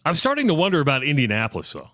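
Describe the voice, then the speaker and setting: A man co-hosts sports talk radio with a somewhat high-pitched voice and a close, dry studio sound. He keeps the conversation moving by posing questions and recapping the story. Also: huge pitch swings, racing, bright, forceful tone, no room sound. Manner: questioning, conversational, leading with prompts.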